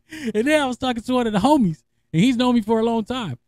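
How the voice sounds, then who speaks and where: A man's voice: very high voice, fairly quick. A middle-aged man hosting a podcast, telling stories in a casual, profane way and laughing often. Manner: laughing, profane, animated storyteller. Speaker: podcast host. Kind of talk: casual storytelling monologue.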